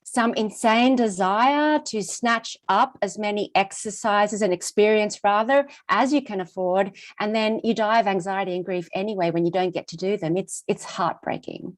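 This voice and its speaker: A middle-aged woman giving a conference talk, telling a personal story in an expressive, rhythmic way with lots of repetition. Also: medium pitch, normal speed, hardly any pauses. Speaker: conference speaker.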